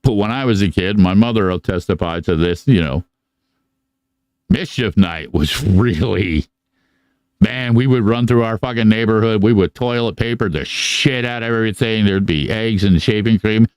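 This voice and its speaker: A man's voice: on the low side, normal speed, a little mellow, clean tone, dry recording. A middle-aged man co-hosting a podcast, telling rambling, profane stories in casual chat. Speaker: podcast co-host. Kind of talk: casual live podcast monologue.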